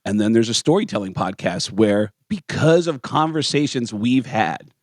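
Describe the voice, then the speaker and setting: A man, a comedian guest in a radio studio, telling stories with lively character voices and big pitch swings. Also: moderate pace, no room sound. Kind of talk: animated storytelling. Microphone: studio mic.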